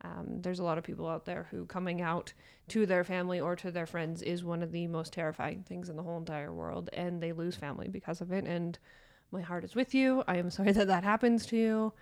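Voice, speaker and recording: A young woman co-hosting a podcast, chatting casually and playfully with quick laughs and lively asides. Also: lowish voice, creaky. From small town. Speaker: podcast co-host. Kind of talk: casual chat.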